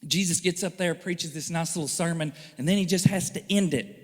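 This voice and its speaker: Animated preaching man in reverberant church. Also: a little high, a little fast. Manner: animated, joking, acts out quoted voices. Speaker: pastor. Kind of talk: sermon. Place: church hall.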